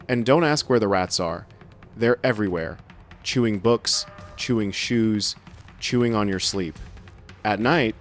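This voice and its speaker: Wry low-voiced male narrator. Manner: wry, sardonic humor. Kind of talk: scripted first-person narration.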